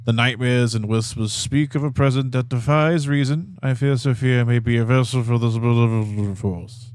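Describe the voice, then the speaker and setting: A man's voice: mid-range voice, fairly even intonation, moderate pace, a little mellow, dry recording, lightly acted. A man voicing a grieving middle-aged male ex-priest reading his own letter, in a put-on Italian accent. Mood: sorrowful. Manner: reading aloud a dramatic letter, stumbling and laughing at times.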